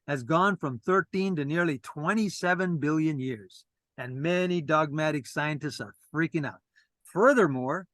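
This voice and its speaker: A man's voice: on the high side, fairly bright tone, dry recording. A man presenting a lecture from a script, earnest and lecturing, with casual asides to a co-host.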